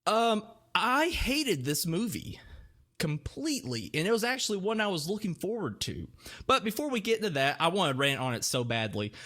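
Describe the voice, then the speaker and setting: Animated male podcast host, high voice, playful and self-mocking. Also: normal speed. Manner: animated, jokey, self-deprecating. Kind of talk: casual movie review chat.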